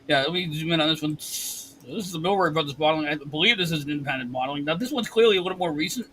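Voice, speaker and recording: A man's voice: on the high side, fast, a bit bright, slight background noise, low-quality recording. A man hosting a casual whiskey tasting, reading labels aloud and laughing often. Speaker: whiskey lounge host.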